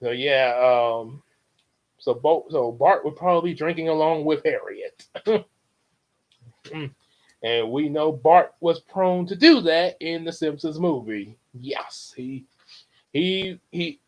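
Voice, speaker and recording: A man's voice: fairly high pitch, expressive, poor audio. A man chatting casually and rambling, stopping and restarting as he thinks aloud. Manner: rambling, halting, full of fillers and restarts. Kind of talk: casual chat.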